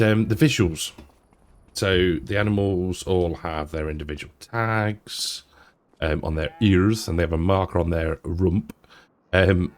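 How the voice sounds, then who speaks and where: Slow, low-voiced man. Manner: rambling, many ums and restarts. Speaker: gaming YouTuber. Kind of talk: casual gameplay commentary.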